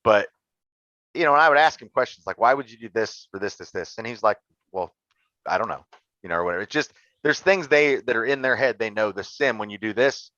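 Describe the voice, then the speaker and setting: A man's voice: on the low side, expressive, brisk, sharp tone, no room sound. A man, a podcast guest chatting casually, blunt and joking with folksy grammar. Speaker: podcast guest, sim racer. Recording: dry, dull lo-fi sound.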